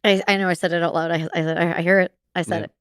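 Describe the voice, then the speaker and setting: A woman guest on a podcast, telling a personal story in an animated way with laughter and casual swearing. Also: fairly low pitch, fast talker, clean tone, dry recording, studio quality.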